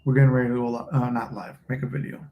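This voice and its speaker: A man's voice: medium pitch, flat delivery, rapid-fire, creaky, muffled recording, slight background noise. A man hosting a manifesting channel, chatting loosely and with some swearing on a phone livestream. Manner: rambling, loose and profane. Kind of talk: casual livestream chat. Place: room at home, smoking a cigar. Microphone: phone recording. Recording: echoey room.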